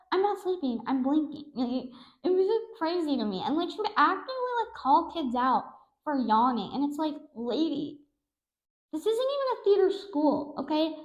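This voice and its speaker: A young adult woman hosting a podcast, telling stories in a sarcastic, animated, self-mocking way. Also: sits high, reverberant, dull audio. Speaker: podcast host. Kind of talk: casual storytelling monologue.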